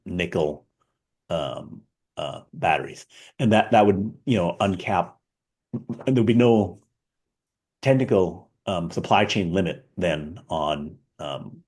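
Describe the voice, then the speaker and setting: Low husky man in casual tech talk. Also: darkish tone. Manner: thinks aloud with many fillers and restarts. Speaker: podcast co-host. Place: San Francisco area.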